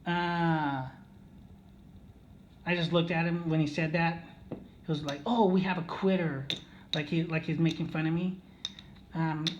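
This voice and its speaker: A man's voice: fairly high pitch, slight background noise. A man telling a casino story in a rambling way, with many fillers and restarts, often checking in with "okay?". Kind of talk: casual storytelling monologue.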